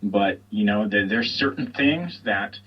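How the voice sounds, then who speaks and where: A man's voice: on the low side, animated, unhurried, slightly rough, distant mic, lo-fi sound. A man guesting on an online radio chat, talking in a rambling, laid-back way with casual swearing. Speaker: guest, YouTube channel host.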